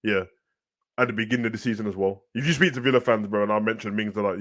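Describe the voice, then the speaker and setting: A man with a Birmingham accent, co-hosting a casual football chat and talking in an animated, slang-heavy way. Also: medium pitch, fast. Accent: Birmingham English. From Birmingham, England. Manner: animated, slangy, repeats "bruv". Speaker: co-host.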